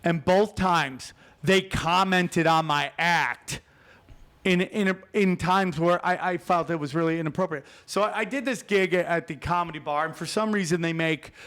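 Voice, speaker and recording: A man with a notably high voice tells comedy stories as a podcast guest. He rants in an animated, profane way, pushing hard on each point. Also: normal speed. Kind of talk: storytelling in a podcast chat. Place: podcast studio.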